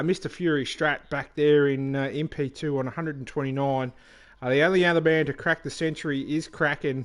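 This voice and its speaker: A man giving casual commentary on an online racing league he also drives in, relaxed, with many fillers and restarts. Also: a little high.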